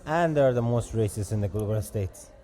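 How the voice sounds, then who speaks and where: A man's voice: fairly low pitch, expressive, normal speed, mellow. A man chatting casually as a podcast co-host, chiming in with short questions. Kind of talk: casual chat.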